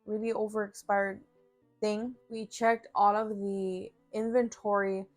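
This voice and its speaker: A woman's voice: mid-range voice, little pitch movement, a little slow, dry recording. A young woman tells a work story in a casual, blunt and profane way, with many fillers. The recording is dry and close. Faint music plays underneath. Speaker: vlogger.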